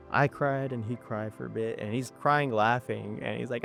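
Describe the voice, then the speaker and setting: A man's voice: mid-range voice, fairly even intonation, moderate pace, vocal fry, fairly bright tone, faint music behind. A man giving a personal faith testimony, earnest and storytelling, acting out the voices of people he quotes. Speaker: testimony speaker.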